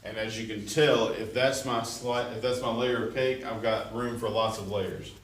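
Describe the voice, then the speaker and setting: A man teaching art talks at a moderate pace with a medium pitch and steady tone. He's chatty and jokey while he shows a drawing and checks on his class, captured from far away in an echoey room with faint noise.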